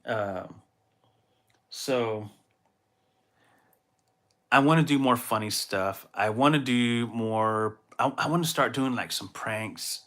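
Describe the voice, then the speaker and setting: A man from Texas hosting his own podcast, talking casually in a rambling, animated way with lots of restarts. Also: mid-range voice, slow pace, pauses often. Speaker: podcast host. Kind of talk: casual solo monologue.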